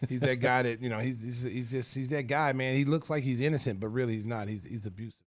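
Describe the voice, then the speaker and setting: A man hosting a podcast, telling stories in casual chat, laughing often and jumping up high when he quotes people. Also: fast talker. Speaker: podcast host.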